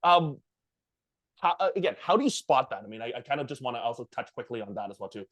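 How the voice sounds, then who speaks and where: A man's voice: medium pitch, sing-song, fast talker, a bit bright, dry recording. A man hosting a casual podcast interview, rambling through his questions with many restarts. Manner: rambling, many restarts and fillers, frequent backchannels. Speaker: podcast host.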